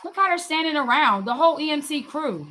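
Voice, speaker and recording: A woman delivering fiery, sermon-like commentary in a high voice. Her tone is bright and ringing, and she leans hard on her points, often repeating words as she builds momentum. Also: animated, brisk. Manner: emphatic, preachy, repeats words. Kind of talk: impassioned commentary.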